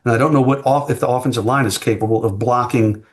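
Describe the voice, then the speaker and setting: A man's voice: mid-range voice, fairly even intonation, fast. A man appearing as a guest sports writer in a casual podcast chat, giving frank, plain-spoken football analysis.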